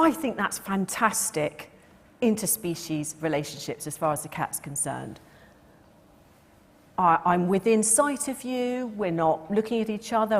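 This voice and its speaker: A middle-aged woman giving a lecture in a lively, expressive way, now and then acting out the voices of a cat and its owner. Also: on the low side. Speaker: cat behaviour speaker. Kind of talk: lecture talk. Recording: long reverb of a lecture hall.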